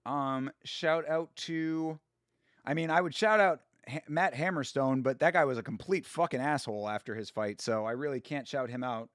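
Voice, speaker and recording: A man's voice: medium pitch, normal speed, a bit bright, no echo, clean studio sound. A young man hosting a casual MMA live stream, rambling and swearing freely, with many fillers. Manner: rambling, profane, filler-heavy.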